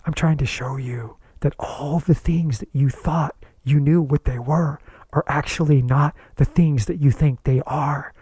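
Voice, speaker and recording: A man voicing his own inner spirit in a soft, half-whispered, lower voice that patiently insists. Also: steady tone, unhurried, slightly rough, no room sound. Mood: hushed urging. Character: inner spirit, calm guiding voice.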